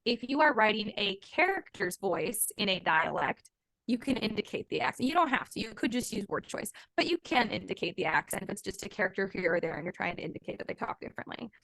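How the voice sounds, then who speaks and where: A woman's voice: mid-range voice, big pitch swings, fast talker, creaky, fairly bright tone, dry recording, rough recording. A woman, co-hosting a podcast in casual chat, chatty with lots of "like" and "um". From Texas. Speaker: podcast co-host.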